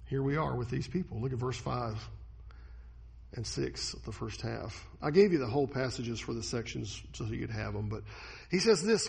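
A man preaching a sermon with a husky voice, swinging between loud dramatic bursts and hushed lines. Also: mid-range voice, lively intonation, normal speed. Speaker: pastor.

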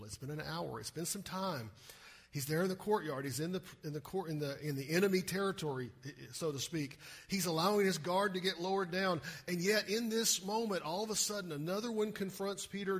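Husky-voiced male pastor preaching. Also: high voice. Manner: animated, asks the listeners rhetorical questions. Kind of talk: sermon.

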